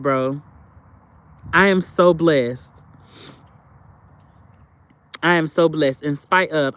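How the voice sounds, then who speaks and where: High-voiced chatty man, dry close mic. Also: fairly bright tone, dry recording. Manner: talkative, repeats phrases, addresses viewers as sister and baby. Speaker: live streamer. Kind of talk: casual livestream chat with viewers.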